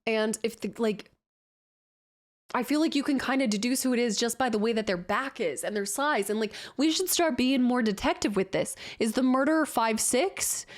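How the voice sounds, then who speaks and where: A woman streaming a casual live reaction, her voice sitting a little high. She talks freely and laughs often, poking fun at herself as she goes. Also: normal speed. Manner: chatty, laughs often, self-deprecating.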